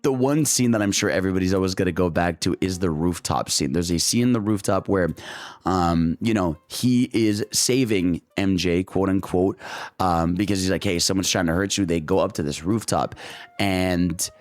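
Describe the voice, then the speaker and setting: A young man giving a casual, excited movie review, rambling with lots of filler words and slang. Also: low-pitched, normal speed, no echo.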